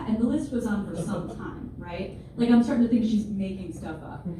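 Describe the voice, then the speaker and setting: This is a comedian in her twenties doing stand-up for a live audience in a large room, using a mid-range voice at normal speed with few pauses. The set is self-deprecating and wry, with playful asides along the way. The sound is distant and noisy, with lots of echo from the hall.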